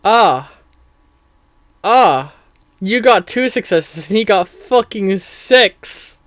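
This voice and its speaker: A man's voice: high-pitched, lively intonation, extremely slow, a bit bright, no room sound, clean studio sound. A man narrating as game master of a tabletop game, chatty and loose, laughing at his own jokes.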